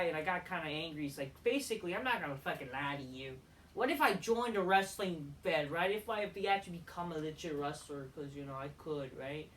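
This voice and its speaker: A woman's voice: on the low side, a bit bright, a little hiss or hum. A woman heatedly ranting as a wrestling show reviewer, swearing often and rambling between points. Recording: voice a bit far from the mic.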